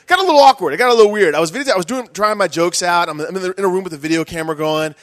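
A fast-talking young man on a comedy club stage, rambling through a crude, self-mocking set. His voice sits a bit high for a man and tumbles quickly from one aside to the next. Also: no room sound. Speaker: stand-up comedian.

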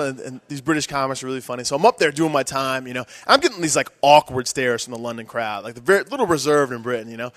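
A fast-talking young man on a comedy club stage, rambling through a crude, self-mocking set. His voice sits a bit high for a man and tumbles quickly from one aside to the next. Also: fairly bright tone, no echo. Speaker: stand-up comedian.

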